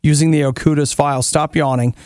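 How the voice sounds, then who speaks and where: A man co-hosting a casual radio chat show, teasing his co-host with dry, deadpan humor. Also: on the high side, a little fast, no room sound.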